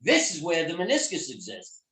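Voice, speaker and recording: A middle-aged man telling a story in an interview, animated and emphatic, swearing freely. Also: a little high, normal speed, far from the mic. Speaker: guest therapist. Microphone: video call. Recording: echoey room on a video call.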